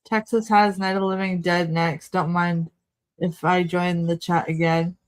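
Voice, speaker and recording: A woman's voice: lowish voice, flat delivery, unhurried. A young woman hosting a livestream, casually joking through a movie watch-along and talking to her chat. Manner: chatty, joking asides to chat, frequent laughs. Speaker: livestream host.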